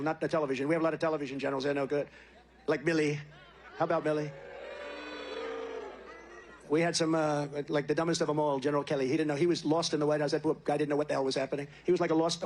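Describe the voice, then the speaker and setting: A man's voice: on the high side, flat delivery, racing, slight background noise. A man giving a campaign rally speech as a political candidate, rambling, boastful and full of repetition. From United States.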